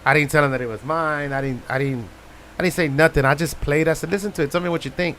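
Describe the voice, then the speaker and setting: Laughing Tejano singer telling stories. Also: male voice, fairly high pitch, steady tone, quick pace, a bit bright, slight background noise. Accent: Tejano Spanish-English. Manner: laughing anecdotes, mixes Spanish into English. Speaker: singer-songwriter guest. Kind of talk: casual storytelling.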